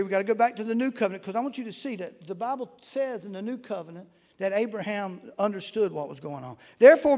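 A man preaching a fervent, folksy sermon and reading scripture aloud in a church. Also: high voice. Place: church sanctuary. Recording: echoey hall with long reverb.

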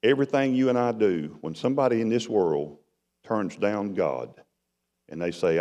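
A middle-aged man delivers a sermon testimony, his lowish voice rising loud and dropping to a hush as he tells the story. The sound rings with long reverb, like a large church hall. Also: lively intonation, normal speed. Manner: dramatic storytelling, swings from loud to hushed. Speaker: preacher.

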